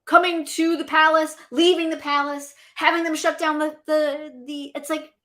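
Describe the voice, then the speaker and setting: This woman's voice sits high and moves at a normal speed. As a podcast-style co-host on a live chat stream, she addresses viewers directly and banters with co-hosts in a casual, lively, talkative way.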